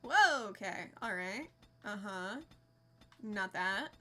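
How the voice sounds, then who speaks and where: A woman's voice: mid-range voice, lively intonation, slow, sharp tone. A young woman streaming a game, chatting casually with her viewers and laughing often. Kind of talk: casual live-stream chat.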